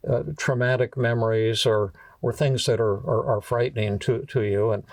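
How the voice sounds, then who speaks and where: A man with a gravelly voice tells a long story with frequent stumbles and restarts. He sounds a little distant from the microphone. The recording is dry, with no room echo. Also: medium pitch, fairly even intonation. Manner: halting, with frequent repeated words and restarts. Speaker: podcast host telling a workshop story.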